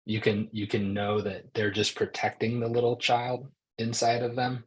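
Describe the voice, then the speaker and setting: A man, a psychologist and author, speaking as a podcast guest in a soft-spoken, reflective way, telling calm anecdotes. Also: medium pitch, moderate pace, breathy edge, rough recording. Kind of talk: casual podcast conversation.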